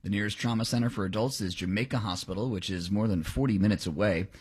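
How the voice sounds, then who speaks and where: A man reading the local news and weather on the radio in a brisk, clipped delivery. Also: lowish voice, husky. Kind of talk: news read on air.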